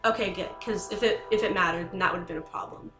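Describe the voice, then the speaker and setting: A woman's voice: fairly low pitch, steady tone, quick pace, reverberant, soft background music. A woman playing a tabletop game, anxious and rambling in character, with many likes and restarts. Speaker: player.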